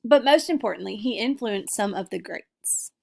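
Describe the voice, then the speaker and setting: A young woman giving a class presentation, reading her points in an earnest, measured way. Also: mid-range voice, expressive, gravelly. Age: young adult. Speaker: student presenter. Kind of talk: class presentation, read from notes.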